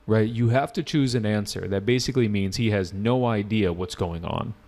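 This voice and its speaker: A man with a low, gravelly voice leads a test prep class. He talks casually and jokes as he explains answers and responds to student questions. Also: moderate pace, a little mellow. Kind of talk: live online class.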